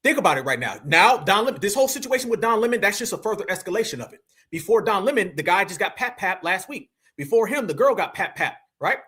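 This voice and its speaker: A man hosting a reaction commentary, slangy and animated, talking straight to his viewers as family. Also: sits high, fast talker, breathy edge. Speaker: commentary channel host.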